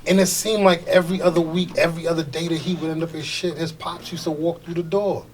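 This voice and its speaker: Male podcast guest, former teacher, slightly high voice, off-mic, relaxed and joking. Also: fast talker, recorded from a distance. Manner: laid-back joking, swears freely. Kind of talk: casual chat. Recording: voice from away from the mic.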